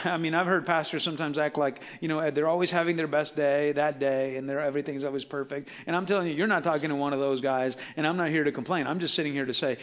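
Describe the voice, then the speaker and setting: A man preaching a sermon as a pastor, conversational and animated, acting out Bible characters with casual asides. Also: a little high.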